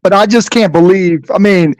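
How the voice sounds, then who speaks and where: A man's voice: sits high, normal speed, dry recording. A man giving blunt, outspoken opinions in casual voice chat.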